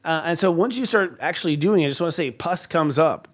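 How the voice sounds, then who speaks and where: A man's voice: fairly high pitch, lively intonation, quick pace. A man in his fifties hosting a casual spiritual talk show, speaking in a candid, confessional and emphatic way. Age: 50s.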